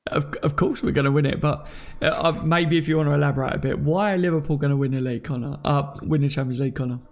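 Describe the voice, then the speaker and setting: A man's voice: on the high side, steady tone, fast talker, vocal fry. A man hosting a casual live chat, reading out comments and laughing often. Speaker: podcast host.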